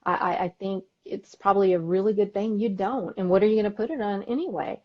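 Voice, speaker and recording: A woman with a Texan accent, co-hosting a podcast in casual chat, talkative and quick to laugh, acting out quotes as she tells stories. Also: mid-range voice, highs cut off. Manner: chatty, laughs often, acts out quotes. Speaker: podcast co-host. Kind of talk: casual chat on a live stream.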